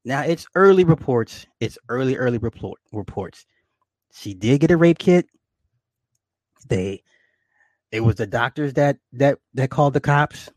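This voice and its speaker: A man's voice: mid-range voice, expressive, a little slow, pauses often, a little mellow, no echo. A man delivering a profane, boastful comedic rant to his viewers, repeating himself and laughing often. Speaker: vlogger.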